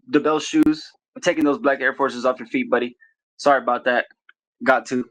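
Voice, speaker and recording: A man's voice: medium pitch, steady tone, normal speed, fairly bright tone. A man from California, a fighter guest in a casual interview, brash and jokey with heavy swearing. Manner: brash, profane trash talk, jokey.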